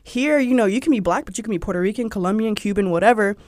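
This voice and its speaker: A young Southern-accented woman from Georgia, USA, speaks at a quick pace in a mid-range voice as a guest in a chatty interview about her life. "Like" pops up constantly, and she performs quoted voices with animation. The sound is clean studio audio with no echo.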